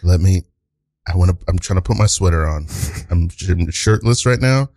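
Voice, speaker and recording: Man doing a nervous husband, stammering, lowish voice, dry sound. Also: expressive, moderate pace, darkish tone, no echo. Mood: flustered. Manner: stammering, flustered. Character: nervous shirtless husband, flustered.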